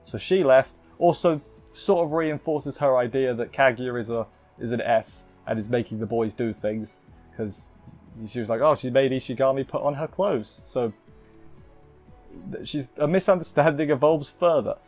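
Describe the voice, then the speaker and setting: A man's voice: medium pitch, normal speed, a little mellow. Guy rambling through an anime recap, lots of uhs, kinda dull audio with faint music under it. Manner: rambling, with many fillers and self-corrections. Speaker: anime reviewer. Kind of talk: casual recap review.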